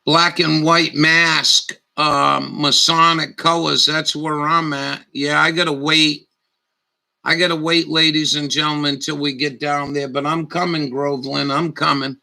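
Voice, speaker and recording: A man's voice: on the high side, little pitch movement, measured pace, vocal fry, sharp tone, poor audio. A man giving scornful, profane live commentary over news footage, rambling as he goes. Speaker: livestream commentator.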